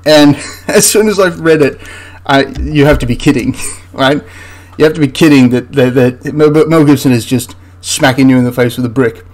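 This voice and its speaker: A man's voice: medium pitch, moderate pace, a little mellow. A man hosting a history channel, ranting through a film critique in an exasperated, rambling way with frequent restarts.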